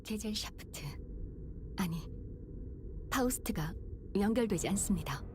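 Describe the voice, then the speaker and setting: A woman's voice: mid-range voice, animated, racing, background noise, lightly acted. A woman voicing a cool, formal young woman. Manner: clipped, formal, unemotional. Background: game music.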